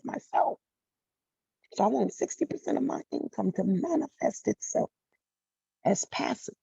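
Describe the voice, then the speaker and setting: A woman's voice: mid-range voice, vocal fry, warm tone, husky, no room sound. A middle-aged woman life coach giving a motivational monologue, emphatic and blunt, repeating her phrases and swearing freely. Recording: dull dry lo-fi recording.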